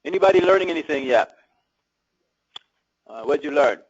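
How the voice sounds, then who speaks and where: A man's voice: on the high side, expressive, moderate pace, no room sound. A man leading a real estate seminar, chatting with the audience and asking them questions as he goes. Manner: conversational, asks the audience questions. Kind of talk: live seminar talk to an audience. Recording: dull lo-fi seminar recording.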